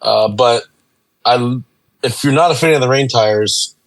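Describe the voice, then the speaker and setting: A man's voice: mid-range voice, measured pace, vocal fry, dry recording, rough recording. Chatty man co-hosting a podcast. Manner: joking, chatty, with laughs. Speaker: podcast co-host. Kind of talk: casual chat. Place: home room with family nearby. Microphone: video call.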